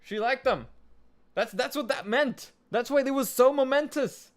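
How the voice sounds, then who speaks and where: High-voiced dude arguing about anime, keeps cutting in, super excitable. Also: male voice. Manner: argumentative, excitable, quick to interrupt. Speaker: co-host. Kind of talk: casual anime discussion.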